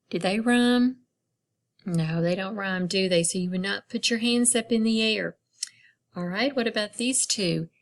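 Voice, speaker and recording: A woman teaching a phonics lesson to young children online, stretching out each word and praising warmly. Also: mid-range voice. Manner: slow, drawn-out word modeling with encouraging praise.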